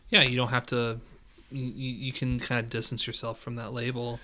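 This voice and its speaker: A man who is a podcast guest, chatting in a relaxed way with many hedges and fillers. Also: medium pitch, normal speed. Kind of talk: casual chat.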